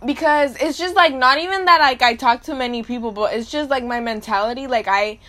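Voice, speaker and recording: A young woman hosts a casual storytelling podcast and speaks straight to her listeners. Her voice is high and bright, and her delivery is blunt, crude and full of slang and swearing. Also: a little fast. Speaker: podcast host.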